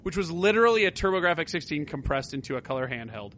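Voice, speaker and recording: Chatty man with a slightly high voice. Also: sing-song, quick pace, a bit bright, slight background noise. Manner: chatty, tangents, swears casually. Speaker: podcast co-host. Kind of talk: casual gaming podcast chat.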